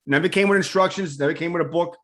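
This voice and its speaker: A man's voice: fairly high pitch, fast, a bit bright. A man from Queens, hosting an interview in a restless, enthusiastic way. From Queens, New York. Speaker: host. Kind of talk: casual interview conversation.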